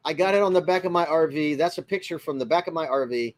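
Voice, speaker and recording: A man's voice: fairly high pitch, a little fast. Chatty man hosting a livestream. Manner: friendly, chatty, greets viewers by name. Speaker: livestream host. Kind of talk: casual livestream chat reading comments.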